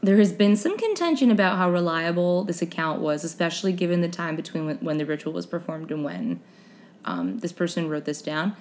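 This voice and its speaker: A young woman with a fairly low voice hosts a relaxed chat show. She reads her notes aloud and drops dry, joking comments between the facts. She trips over unfamiliar names. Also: fairly quick, a little hiss or hum. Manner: chatty, wry asides, stumbles over unfamiliar names. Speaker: podcast host. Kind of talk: casual chat, reading history notes aloud.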